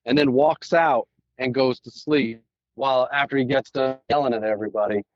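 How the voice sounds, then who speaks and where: A man's voice: medium pitch, moderate pace, dry recording. Storytelling male podcast host, dull dry sound. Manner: storytelling, acts out quoted dialogue. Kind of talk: casual conversation.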